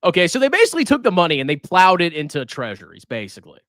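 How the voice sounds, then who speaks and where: Male stock streamer, sarcastic and insulting, voice swinging high and low, dry close sound. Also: huge pitch swings, rapid-fire, fairly bright tone, no echo. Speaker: personal finance streamer. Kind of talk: live stream stock commentary.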